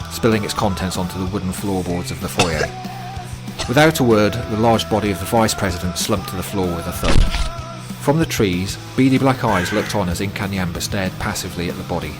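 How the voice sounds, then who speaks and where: A man reading a horror audiobook in a dramatic, measured way. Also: sits low. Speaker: narrator. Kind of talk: scripted horror story narration. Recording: narration with loud music bed.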